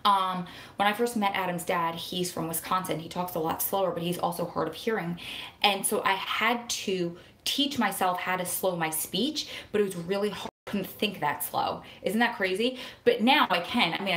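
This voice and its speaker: A fast-talking woman from New Jersey with a lowish voice, a vlogger and advocate for prison wives, chats casually on a live stream. She's excitable and rambling, and the room she's in sounds echoey.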